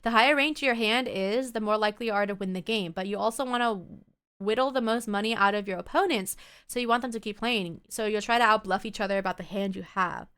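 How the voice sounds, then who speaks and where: A woman's voice: mid-range voice, fast talker, fairly bright tone, smooth. A woman streaming a game, chatting casually with viewers and rambling between story moments. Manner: chatty, rambling, greets chat. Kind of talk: casual gameplay commentary. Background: game music.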